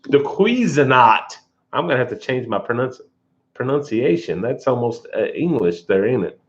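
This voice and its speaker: A man's voice: mid-range voice, animated, normal speed, a little mellow, lo-fi sound. A man hosting a casual live stream, rambling and folksy with frequent chuckles. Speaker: outdoor channel host.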